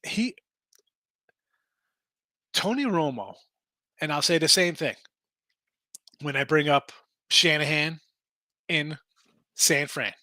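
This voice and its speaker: A man's voice: on the high side, expressive, takes it slowly, long pauses, bright, forceful tone, dry recording. A man hosting a casual sports betting show, arguing picks animatedly and reading chat comments aloud.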